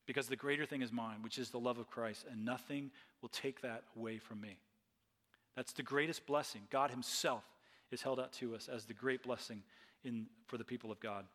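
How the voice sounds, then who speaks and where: A man's voice: mid-range voice, fairly even intonation, moderate pace, fairly bright tone, long reverb tail. A man preaching a sermon as pastor, earnest and often repeating phrases.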